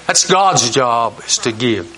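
Bright-voiced folksy preaching man. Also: mid-range voice, animated, slow. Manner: homespun storyteller, repeats key phrases. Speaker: Christian talk show host.

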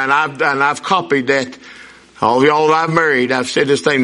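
A pastor in his sixties preaches a sermon in a folksy call-and-response style. His voice is bright and sits fairly high for a man. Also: fairly even intonation, normal speed.

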